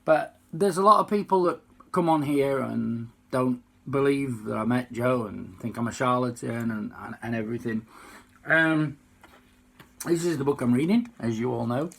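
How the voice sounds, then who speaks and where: A man with a Yorkshire accent, unwell, chatting to fans in a halting, heartfelt way. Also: mid-range voice, gravelly, slightly rough. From Yorkshire, England. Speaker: singer and tribute impersonator. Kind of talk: casual fan video chat.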